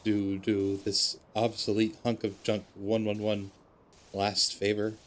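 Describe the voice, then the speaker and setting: A man voicing a gentle, self-sacrificing male robot as he reads game dialogue aloud, slow and deliberate, with stuttered repeats. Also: fairly low pitch, completely flat delivery. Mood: resigned.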